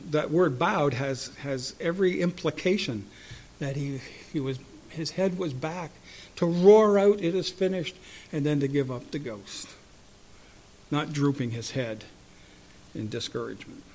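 Slow, high-voiced preacher with dramatic swings. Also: male voice, husky. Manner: dramatic, swings from loud cries to hushed asides; slow, deliberate delivery with rhetorical questions. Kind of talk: sermon.

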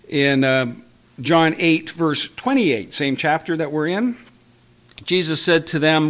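A man preaching a conversational Bible-teaching sermon, chuckling now and then and pausing with fillers as he explains. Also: fairly high pitch, a bit bright.

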